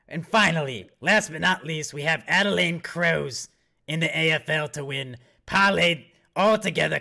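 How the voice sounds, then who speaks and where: A man putting on a raspy, smoker-voiced older politician impression, bombastic and profane. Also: on the high side, pushed and bright, full character voice. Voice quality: raspy, coughing smoker rasp. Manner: bombastic announcing, brash and profane.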